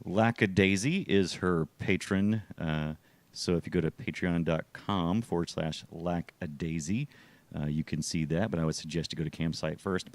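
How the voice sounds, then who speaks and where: A man's voice: low voice, normal speed, no echo. A man co-hosting a podcast, chatting casually with jokey, theatrical outbursts. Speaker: co-host.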